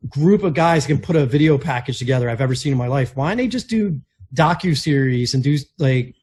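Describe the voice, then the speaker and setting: A man's voice: medium pitch, lively intonation, fairly quick, a little mellow. A man co-hosting a podcast, rambling through casual wrestling chat with plenty of "like" fillers. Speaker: podcast co-host.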